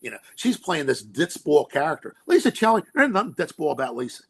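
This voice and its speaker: Gravelly, husky man telling film stories. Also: a little high, fairly quick. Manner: animated storyteller acting out quotes, frequent laughs. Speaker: film director guest. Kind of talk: casual interview storytelling.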